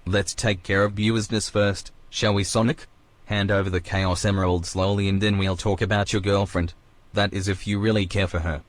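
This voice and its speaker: A man's voice: on the low side, level tone, moderate pace, close to an everyday voice. An actor with an Australian accent playing a cold, menacing male villain in a video game. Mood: taunting. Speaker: game character clip.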